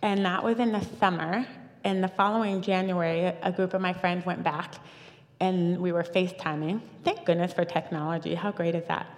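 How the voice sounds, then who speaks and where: Woman telling her story in a reverberant hall. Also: lowish voice. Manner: animated storytelling with fillers and restarts. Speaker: church speaker giving testimony. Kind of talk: personal testimony talk.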